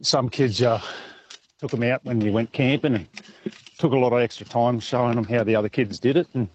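A man's voice: mid-range voice, fairly quick, a little mellow, breathy edge, highs cut off. A middle-aged Australian man, a truck driver, calling in to radio and telling a story in an easygoing way.

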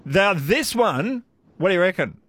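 Lively-voiced radio quiz host. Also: male voice, sits high, a little slow, a little hiss or hum. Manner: chatty, self-deprecating, laughs often. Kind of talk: casual radio quiz chat with callers. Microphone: studio microphone.

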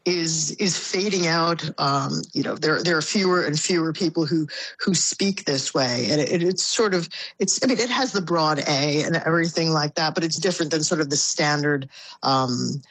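Husky low-voiced woman, thoughtful talker. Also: moderate pace, a bit bright, no echo. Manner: thoughtful, many restarts and fillers. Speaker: guest commentator on Boston. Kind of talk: casual radio-style conversation. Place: Boston area.

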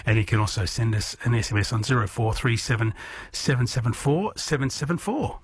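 A man's voice: medium pitch, fast talker, breathy edge. A man hosting a late-night radio quiz, chatting easily with callers. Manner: relaxed, chatty, friendly banter with callers. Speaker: radio host.

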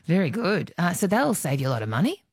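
A woman's voice: lowish voice, big pitch swings, fast, darkish tone, breathy edge, no echo, studio quality. A woman hosting a talkback radio quiz, chatty and playful, laughing easily with callers. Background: music bed.

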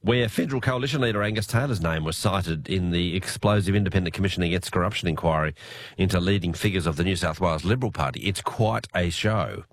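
An Australian man hosting late-night radio news, his voice hoarse from illness, chatting in a relaxed way with many fillers. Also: sits low, fast talker. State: hoarse, unwell voice. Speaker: radio host.

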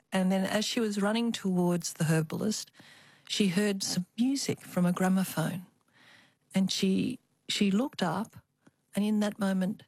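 An older woman reflects on her family's past at an unhurried pace, often pausing to find her words. Her voice sits low for a woman. The recording is close and dry, with no room sound. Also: dry recording. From Australia. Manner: warm reminiscing with small hesitations. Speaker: interview guest. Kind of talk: reflective storytelling.

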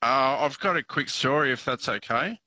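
A man's voice: mid-range voice, normal speed, sharp tone, no room sound, rough recording. A man calling in to a radio show, telling a story in a chatty, hesitant way with laughs. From Australia. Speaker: radio caller.

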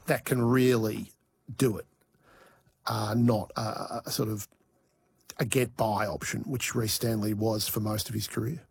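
A man's voice: fairly low pitch, darkish tone, husky, no room sound. A man giving opinionated football analysis on talk radio. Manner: opinionated, trails off and restarts. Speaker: football commentator.

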